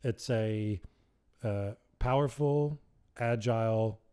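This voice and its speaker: A man's voice: on the low side, takes it slowly, mellow, clean tone. A man from the United States whose American accent is blended with South African, talking casually as a guest with frequent laughs and fillers. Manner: easygoing, laughs often, many fillers. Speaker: guest, motorcycle tour operator. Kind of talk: casual interview chat.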